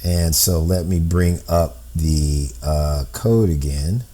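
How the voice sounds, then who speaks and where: Speaking slowly in an extremely low, mellow voice with a steady tone, a man who is an amateur code-breaker explains an on-screen code one step at a time. He reasons out loud and keeps asking "right?"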